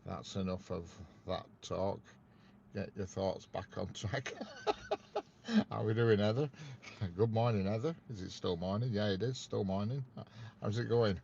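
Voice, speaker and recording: Deep-voiced Northern English stream host. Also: male voice, measured pace, vocal fry, pauses often, a little mellow. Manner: reads viewer comments aloud and teases them with dry banter. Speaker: railway live-stream host. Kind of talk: casual live-stream chat. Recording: dull lo-fi audio with faint background noise.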